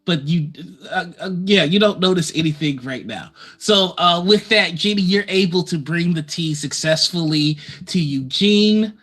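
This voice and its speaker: Guy gm narrating a tabletop game, highish bright voice, lots of uhs, chill. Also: normal speed, hardly any pauses, soft background music. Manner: relaxed, laughing, many uh fillers. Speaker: game master.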